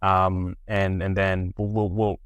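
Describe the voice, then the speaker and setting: A man hosting a podcast, asking thoughtful questions in a halting way with frequent repeated words. His voice is fairly low, and it is recorded close and dry. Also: flat delivery, smooth, no room sound. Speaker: podcast host. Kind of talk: interview questions.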